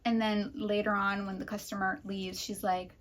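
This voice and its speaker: A woman's voice: mid-range voice, flat delivery, normal speed, slight background noise. A young woman co-hosting a casual book chat, retelling scenes with quoted dialogue. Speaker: book podcast co-host.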